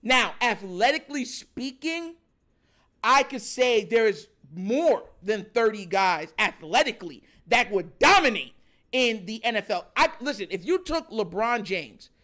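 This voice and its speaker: Man, high voice, casual sports chat, emphatic slangy delivery, laughs a lot. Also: measured pace. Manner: emphatic, slangy, frequent "you know what I'm saying"; animated, laughs often.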